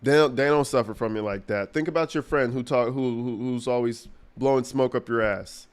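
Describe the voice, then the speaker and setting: Male streamer, smooth clear voice, crude mocking commentary, rambling slang. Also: medium pitch, fairly quick. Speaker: streamer reacting to a clip. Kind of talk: casual livestream commentary.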